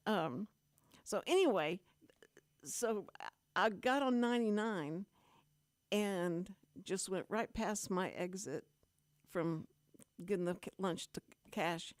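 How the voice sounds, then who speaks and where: A woman's voice: medium pitch, lively intonation, slow, long pauses, a little mellow, no echo, studio quality. An older woman, hosting a radio show and telling a long, rambling, self-deprecating story in casual chat.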